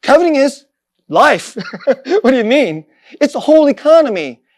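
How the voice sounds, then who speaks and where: A man's voice: very high voice, very animated, normal speed. Conversational man preaching a sermon. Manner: conversational, self-deprecating, chuckles often. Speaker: pastor.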